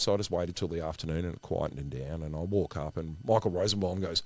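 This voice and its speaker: An Australian man co-hosting a podcast, telling stories in a casual, animated way and acting out what other people said. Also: deep voice, fast talker, dry recording. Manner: animated storyteller who acts out other people's lines. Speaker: podcast co-host. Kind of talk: casual storytelling chat.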